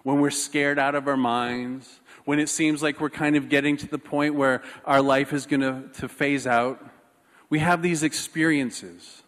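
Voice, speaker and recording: A man preaching a sermon, telling a personal story in an animated, self-mocking way. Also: medium pitch, measured pace, long reverb tail. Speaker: pastor.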